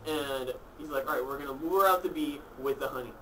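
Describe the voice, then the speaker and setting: A man's voice: on the high side, fast talker, bright, forceful tone, recorded from a distance, slight background noise. A man telling a crude joke to friends in an apartment, swearing and acting out the dialogue. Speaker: joke teller. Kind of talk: telling dirty jokes among friends.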